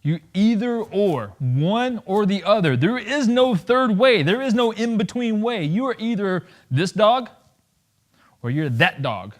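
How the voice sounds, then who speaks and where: A man's voice: high voice, expressive, a little slow. A man in his thirties, a veteran giving a public talk to an audience, blunt and joking, acting out conversations as he tells them. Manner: blunt, joking, acts out dialogue with wide swings of loudness. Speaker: veteran speaker.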